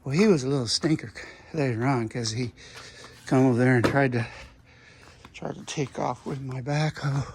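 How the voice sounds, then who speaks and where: A man's voice: mid-range voice, steady tone, moderate pace, pauses often, background noise. A man, a rancher, talking casually and rambling as he works outdoors in his garden, with folksy exclamations. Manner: folksy, rambling, drifts off topic. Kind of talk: casual vlog narration while working.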